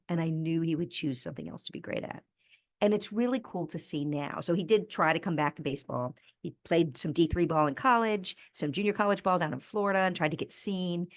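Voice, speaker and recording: A woman in her fifties with an American accent, a podcast guest telling personal stories in an earnest, animated way. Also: sits low, gravelly, dry recording, clean studio sound. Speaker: podcast guest, resilience speaker. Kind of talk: conversational interview storytelling.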